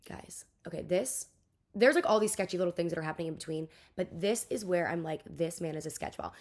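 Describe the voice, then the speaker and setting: A young woman in her twenties telling a casual storytime rant, chatty and profane, dropping into mock voices. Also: on the low side. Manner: fast, chatty, swears a lot, lively mock voices. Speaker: vlogger.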